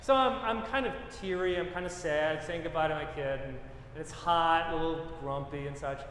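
A man's voice: a little high, normal speed, fairly bright tone, a little hiss or hum. A middle-aged man, a pastor, preaching a sermon with emphatic repetition and personal stories. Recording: echoey hall with long reverb.

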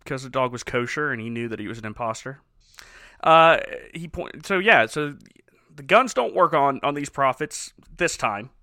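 A man's voice: medium pitch, expressive, moderate pace, pushed and bright, dry recording, clean studio sound. A man casually recapping a bad movie with wry, laughing commentary as a podcast co-host.

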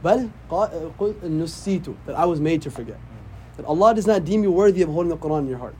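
Man, imam, casual religious lesson, very quick speech, slightly high voice. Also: lively intonation, warm tone, slight background noise. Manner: conversational, often asks "right?". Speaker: imam teaching a class.

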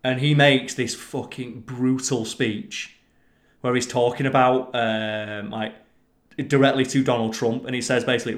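A man chatting casually on a podcast, telling stories in an animated way and swearing freely. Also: mid-range voice, unhurried. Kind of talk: casual chat. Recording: roomy echo.

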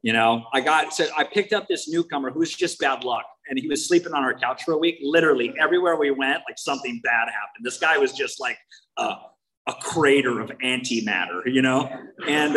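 A man's voice: medium pitch, a little fast, sharp tone, low-quality recording. A man from the United States with a Californian accent, giving a candid, wry personal talk as main speaker at a recovery meeting.

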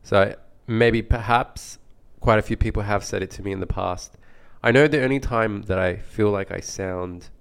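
A man's voice: fairly low pitch, moderate pace, creaky, hardly any pauses, clear, resonant tone. A young Australian man co-hosting a podcast in casual chat, rambling with lots of "like" fillers, slightly under the weather with a flu. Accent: neutral Australian. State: recovering from the flu. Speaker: podcast co-host.

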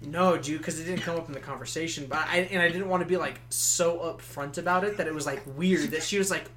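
Young dude telling a crude story on a podcast, swears a lot, faint hum behind. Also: male voice, on the high side, fast talker. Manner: profane, animated storyteller. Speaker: podcast guest. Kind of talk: casual storytelling.

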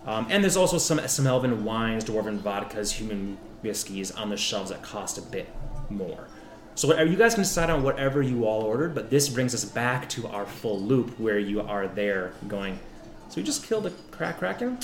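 A man's voice: fairly low pitch, animated, moderate pace, roomy sound. A man narrating a tabletop game as game master, rambling with lots of restarts and fillers.

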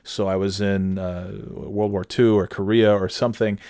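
Low-voiced man telling a rambling story. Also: little pitch movement, moderate pace, a little mellow, dry recording, clean studio sound. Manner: rambling, profane, with many restarts. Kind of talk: casual anecdote.

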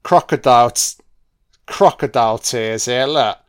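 Male commentator, mid pitch, swears a lot, joking and casual. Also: a little slow, clear, resonant tone. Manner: profane, jokey, heavy swearing. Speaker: film commentator.

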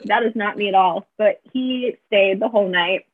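A young woman guest on a podcast, telling a story in casual chat, animated and quoting herself and others, laughing often. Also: mid-range voice, normal speed, no echo. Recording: dry, tinny phone-like sound.

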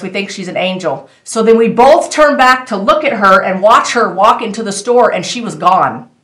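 A woman's voice: medium pitch, reverberant. A woman telling a personal faith testimony in a casual, earnest way, speaking straight to her viewers. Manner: earnest, animated storytelling that addresses viewers directly. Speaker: storyteller sharing a faith testimony.

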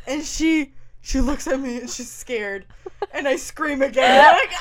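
A young woman co-hosting a podcast, telling a story in a casual, animated way and laughing often. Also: high voice, a little slow, raised voice, very noisy. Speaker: podcast co-host.

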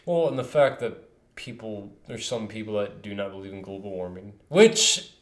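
A man's voice: fairly low pitch, lively intonation, normal speed. A man co-hosting a casual podcast, joking and agreeing in a laid-back way. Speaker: podcast co-host.

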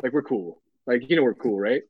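A man's voice: mid-range voice, brisk, husky, dry recording. A man in his thirties, co-hosting a casual podcast chat, telling stories animatedly with lots of laughter and casual swearing. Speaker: podcast co-host. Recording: dull, lo-fi dry sound.

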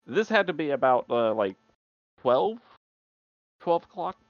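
A man's voice: fairly high pitch, very animated, measured pace, no echo. A man hosting a casual podcast, speaking hesitantly with many fillers. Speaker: podcast host. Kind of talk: casual chat. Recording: dull, dry lo-fi sound.

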